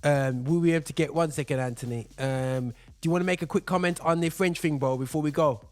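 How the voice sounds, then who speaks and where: A man's voice: a little high, quick pace. Emphatic man hosting a football chat. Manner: emphatic, animated, repeats words. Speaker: podcast host.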